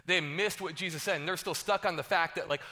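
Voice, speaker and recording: A man's voice: fairly high pitch, quick pace, pushed and bright, big-room sound. A man preaching a sermon, reading scripture and then retelling it casually, acting out the voices of the people he quotes. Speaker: pastor.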